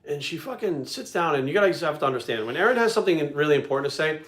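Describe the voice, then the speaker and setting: A man telling a story in casual chat, animated and full of swearing. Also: on the high side, racing. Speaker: video creator and host. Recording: echoey room.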